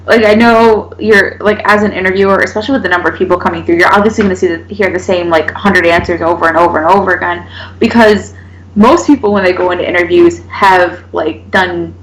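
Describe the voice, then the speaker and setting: A woman's voice: lowish voice, steady tone, quick pace, reverberant, slight background noise, poor audio. A woman co-hosting a casual chat about a drama, reasoning aloud in a thoughtful, filler-heavy way. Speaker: co-host discussing a drama episode.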